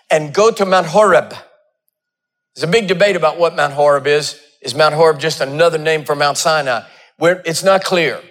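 Male pastor, high voice, dramatic sermon delivery with sudden loud and quiet moments. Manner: dramatic storytelling, swings between loud peaks and hushed asides.

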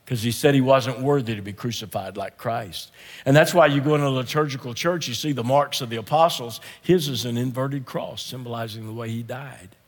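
Guy preaching a sermon, husky, keeps clearing his throat, loud then quiet, long church reverb. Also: medium pitch. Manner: emphatic, repeats phrases, swings from loud to hushed. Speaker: guest preacher.

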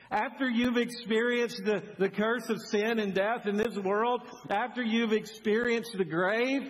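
Male pastor, husky tenor, animated conversational sermon, church hall reverb. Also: high-pitched. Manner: animated, conversational preaching with rhetorical questions. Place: church sanctuary.

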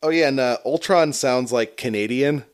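A man's voice: medium pitch, normal speed, smooth. A man co-hosting a casual podcast chat, laughing often and swearing freely. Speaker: podcast co-host.

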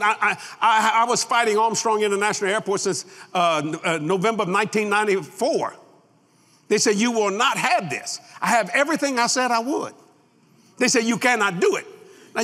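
A man's voice: high voice, sharp tone. A man preaching a sermon, folksy and boastful, laughing at his own lines. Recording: long hall reverb.

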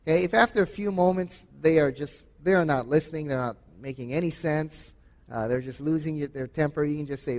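A man's voice: a little high, a little fast, in a large hall. A man who teaches and hosts radio, giving a Bible talk in a conversational way that is peppered with okay and uh. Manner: conversational, often says okay and uh.

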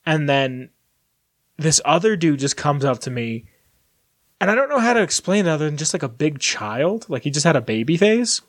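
A man hosts a podcast in loose, casual chat. He wanders from story to story, swears easily and talks from a high voice for a man. The sound is dry and close, with no room around it. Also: very animated, moderate pace, dry recording. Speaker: podcast host.

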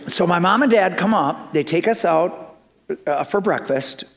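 A man with a somewhat raised pitch delivers a sermon in a church. He tells a story in an animated way and slips into the voices of the people in it for comic effect. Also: measured pace. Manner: animated, acts out dialogue with humor. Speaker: pastor.

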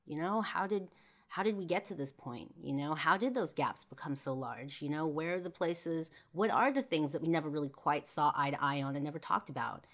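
Low-voiced woman telling a personal story. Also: a little fast, a bit bright. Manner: casual, emotional, swears freely, many fillers. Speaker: podcast host.

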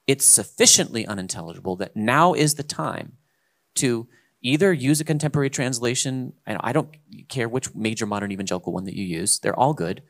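A man hosting a casual discussion, talking in an emphatic, lecturing way that swings between loud stresses and quiet asides. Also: mid-range voice, expressive, a little fast.

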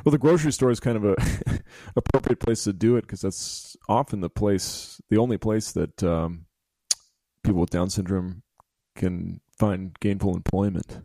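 A man hosting a casual chat, thinking aloud with hesitant pauses. His voice is low-set and mellow, and recorded dry. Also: creaky, no echo. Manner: musing, hesitant.

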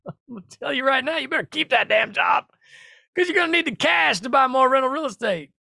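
A man with a high, lively voice rides big swings of pitch as he hypes his listeners, loud and salesy and quick to laugh. The sound is dry and close, with no room around it. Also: gravelly, no echo. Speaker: podcast host. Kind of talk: animated solo podcast talk.

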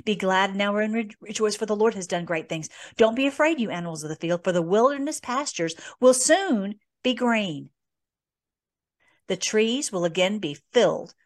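Hosting an informal Bible teaching, a woman speaks at a middle pitch. After reading a scripture passage aloud, she talks it over earnestly and casually, occasionally stopping as she hunts for the right words.

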